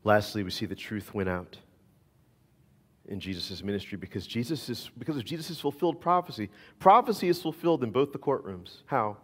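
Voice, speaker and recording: A man's voice: lowish voice, expressive, fairly quick, fairly bright tone, long reverb tail. A man preaching a sermon as pastor, emphatic and repeating his key phrases.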